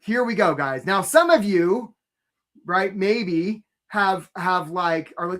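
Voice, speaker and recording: In an energetic live webinar pitch, a man coaches job seekers with a high-pitched, fairly bright voice and lively intonation, though his pace is slow. Chatty and upbeat, he says hello to viewers by name and repeatedly checks in with "right?"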